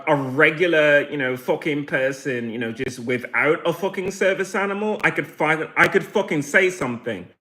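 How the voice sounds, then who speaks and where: A man's voice: on the high side, bright, forceful tone. A man from Brazil ranting at his livestream chat, swearing heavily, telling a story and mocking people in put-on voices. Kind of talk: angry livestream rant.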